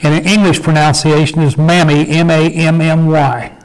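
Older guy teaching bible study, folksy, keeps asking okay?, a bit high-pitched. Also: level tone, moderate pace, poor audio. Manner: folksy, asks the group "okay?" and "did we?".

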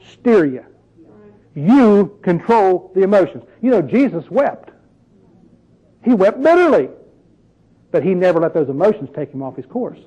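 Preacher guy, high voice but dark and mellow, talks straight to folks with questions. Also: slightly rough, rough recording. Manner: conversational, rhetorical questions, emphatic. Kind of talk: sermon.

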